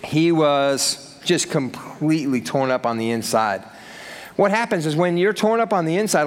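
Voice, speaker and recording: A man preaching a sermon in a casual, animated way with slangy asides, in a church hall. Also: medium pitch. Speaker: pastor.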